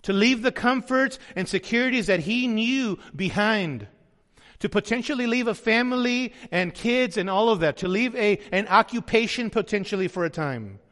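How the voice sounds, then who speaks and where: A man's voice: high-pitched, fairly bright tone, big-room sound. A man preaching a sermon as pastor, earnest, sometimes voicing the people he quotes.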